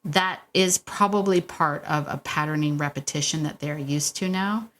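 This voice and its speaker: A middle-aged woman hosts a dog-training podcast, coaching listeners in a casual, warm and encouraging way. She laughs often and repeats herself. Her voice is deep and her speed normal.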